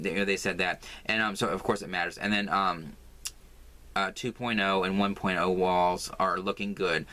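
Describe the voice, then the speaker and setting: A man's voice: lowish voice, pushed and bright. An American man talking through a casual crafting vlog at home, rambling with lots of fillers and sounding exasperated. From United States. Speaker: crafting vlogger.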